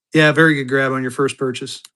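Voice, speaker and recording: With a medium-pitched voice and a bright, forceful tone, a man hosts a live online auction, talking casually to his audience and thinking out loud as he goes through his stock.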